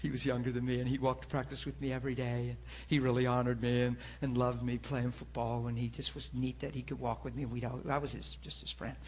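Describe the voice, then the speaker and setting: A man's voice: medium pitch, little pitch movement, quick pace, few pauses, a little mellow, a little hiss or hum. A middle-aged male pastor preaching from the pulpit, telling a story with a rambling, self-amused manner. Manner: rambling, laughing at himself. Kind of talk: storytelling sermon. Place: church pulpit.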